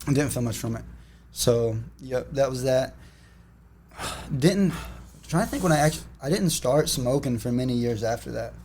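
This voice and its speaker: A man's voice: mid-range voice, moderate pace, slight background noise. Laid-back male podcast guest. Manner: relaxed, laid-back storytelling with fillers. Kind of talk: casual chat.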